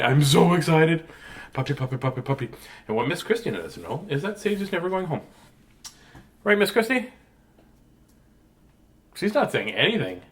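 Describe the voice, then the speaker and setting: A man's voice: on the high side, a bit bright. A man hosting a storytime video, reading picture books aloud with goofy jokes and chatty asides from home. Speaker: storytime reader host. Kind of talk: playful picture book read-aloud.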